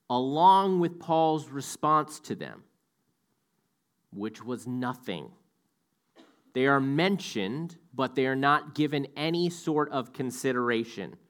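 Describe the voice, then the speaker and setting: A man teaches the Bible verse by verse in a relaxed, conversational way. His voice sits at an ordinary middle pitch. He now and then pauses to correct himself with small asides.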